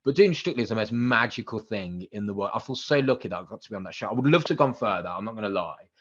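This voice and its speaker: A man in his thirties, a radio presenter, telling animated stories as a podcast guest and acting out the quotes. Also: lowish voice, rapid-fire, highs cut off, a little hiss or hum. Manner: animated anecdotes with acted-out quotes and excited outbursts. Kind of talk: casual interview storytelling.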